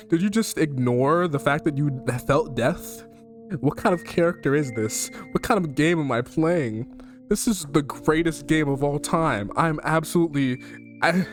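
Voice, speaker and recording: Man streaming a horror game. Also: mid-range voice. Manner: swears a lot, laughs, reacts loudly. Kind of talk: let's play commentary, reading game text aloud.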